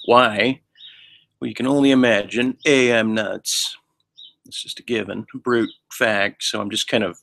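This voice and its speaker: A man's voice: on the low side, pushed and bright. A man thinking aloud in a rambling philosophical monologue. He halts often, restarts his sentences and keeps asking "right?". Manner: halting and musing, many restarts; ends phrases with a questioning "right?". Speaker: solo vlogger.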